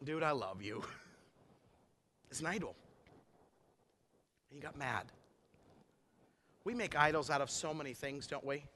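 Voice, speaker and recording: Bright high-voiced man preaching. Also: normal speed, long pauses, a little hiss or hum. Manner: emphatic, conversational preaching with rhetorical questions. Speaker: pastor. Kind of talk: sermon. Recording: echoey hall with long reverb.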